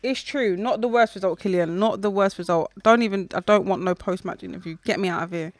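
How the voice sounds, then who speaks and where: A young woman reacting out loud while playing a football video game, shouting, groaning and talking to people in the room. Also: medium pitch, fairly quick, no echo, soft background music. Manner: talks back to people in the room. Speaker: gaming YouTuber.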